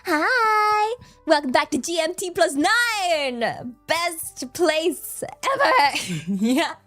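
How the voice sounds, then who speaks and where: A giggly, excitable woman streaming from home, her voice pitched high and bright as she chats with viewers. She talks in an unhurried, drawn-out way and slips Japanese words into her chat. Soft music plays faintly behind her. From United States. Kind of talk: casual live-stream chat. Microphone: good desk microphone.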